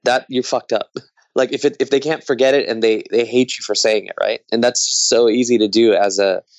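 A man's voice: medium pitch, fairly even intonation, a little fast, dry recording. A man co-hosting a podcast who gives blunt, direct advice in casual talk, swearing freely. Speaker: podcast co-host. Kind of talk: casual conversation.

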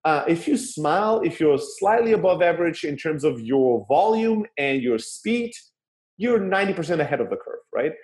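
Man, sales coach type, lively pitch swings, emphatic and casual, roomy echo. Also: moderate pace. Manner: animated and emphatic, with frequent "right?" asides and occasional swearing. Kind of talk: casual talk on phone sales. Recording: echoey room.

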